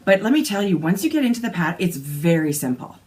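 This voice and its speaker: Gushing Canadian woman, low-pitched. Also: very animated, quick pace, darkish tone. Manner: gushing, enthusiastic. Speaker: podcast co-host. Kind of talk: casual knitting chat.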